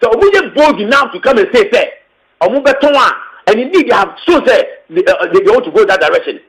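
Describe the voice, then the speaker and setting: A tenants union secretary general with a Ghanaian English accent gives an impassioned, emphatic interview statement, repeating his points and slipping into local phrases. His voice sits high, sing-song and fairly bright, he speaks fast, and the audio is poor.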